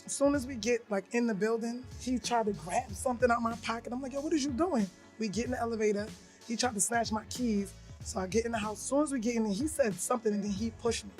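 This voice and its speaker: A woman's voice: a little high, quick pace, a little mellow, soft background music. A woman co-hosting a podcast, telling a personal story bluntly in casual chat and acting out the voices she quotes. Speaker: podcast co-host.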